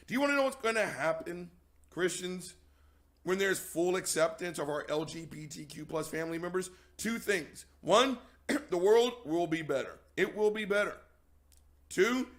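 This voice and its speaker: Male host, high bright voice, profane mocking rant, bursts of shouting. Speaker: show host. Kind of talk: heated commentary rant.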